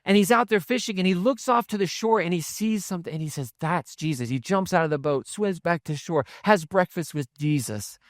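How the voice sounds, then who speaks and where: A man's voice: sits high, a little fast, hardly any pauses, no echo, clean studio sound. A man preaching a sermon as a pastor, telling the stories in a conversational way with asides. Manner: conversational storytelling with asides and chuckles.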